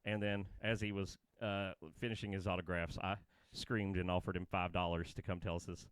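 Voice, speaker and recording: A man's voice: deep voice, brisk, smooth, no room sound. Casual male co-host, drawl, rambling storyteller, dry studio mic. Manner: rambling, laughing, excitable storytelling. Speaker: podcast co-host. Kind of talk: casual chat.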